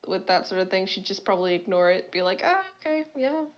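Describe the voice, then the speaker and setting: A woman with a Southern US accent, chatting casually as game master of a tabletop game, animated and teasing. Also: on the low side, fast, muffled recording.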